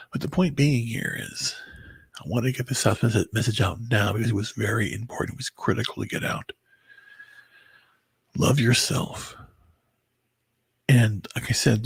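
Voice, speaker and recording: Tired, gravelly-voiced man rambling. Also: lowish voice, dry recording. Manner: halting, repeats and restarts words. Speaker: vlogger. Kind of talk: rambling personal monologue to camera.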